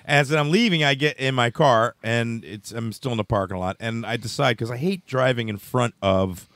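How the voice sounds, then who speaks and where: A man's voice: medium pitch, moderate pace, fairly bright tone, no room sound. A man telling a story in casual chat, rambling with restarts and laughing as he goes.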